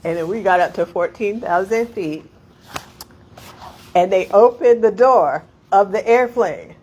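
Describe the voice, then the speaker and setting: A woman's voice: medium pitch, unhurried, darkish tone, highs cut off, slight background noise. A middle-aged woman, a poet, telling a long, laughing anecdote at a reading, full of asides and "like" fillers. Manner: rambling, laughing, many "like" fillers.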